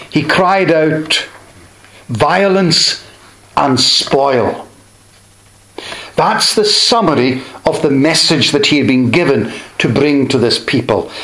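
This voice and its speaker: A man preaching a sermon in a slow, measured way, pausing between short phrases. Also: on the high side, a bit bright, roomy sound, rough recording.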